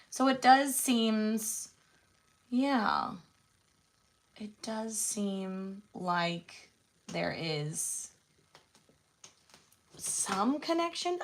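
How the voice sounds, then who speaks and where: A woman's voice: mid-range voice, animated, drawn-out words, long pauses. A woman chatting casually while she colors on a live stream, musing aloud and laughing easily. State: out of breath. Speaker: host.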